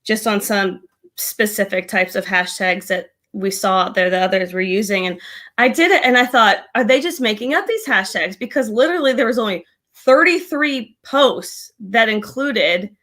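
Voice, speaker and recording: A woman co-hosting a casual live marketing chat, chatty and quick to laugh. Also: mid-range voice, fairly bright tone. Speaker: co-host. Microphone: desk mic with a gain knob.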